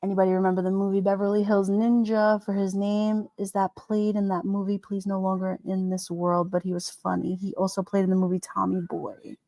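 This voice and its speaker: Giggly woman rambling to her stream chat, mid-pitch voice, dry close sound. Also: little pitch movement, fairly quick, hardly any pauses, warm tone, dry recording. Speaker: live stream host. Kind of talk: casual chat with viewers.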